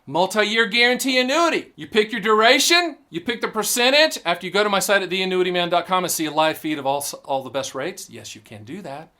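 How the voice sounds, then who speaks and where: A man's voice: high-pitched, brisk, few pauses. A man hosting his own show, explaining annuities straight to camera in a punchy, jokey sales style. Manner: animated, jokey, punchy catchphrases. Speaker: annuity agent and show host.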